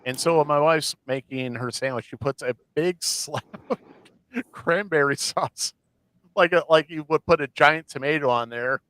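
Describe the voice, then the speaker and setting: A man's voice: on the high side, normal speed, a bit bright, clean tone, no echo, poor audio. Male podcast host, casual and rambling, dry close-miked sound. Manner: rambling, many fillers and restarts. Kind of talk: casual chat.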